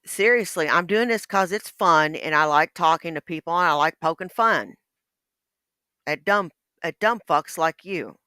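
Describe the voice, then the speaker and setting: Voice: mid-range voice, normal speed, sharp tone, clear, resonant tone, no room sound, studio quality. A blunt, scornful commentator reacting to a streamer's video.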